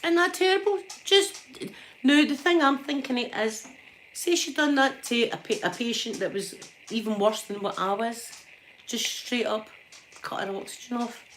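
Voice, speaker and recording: A middle-aged woman with a Scottish accent telling a story casually in a chatty, repetitive, animated way. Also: fairly high pitch, moderate pace, a little hiss or hum. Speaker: vlogger.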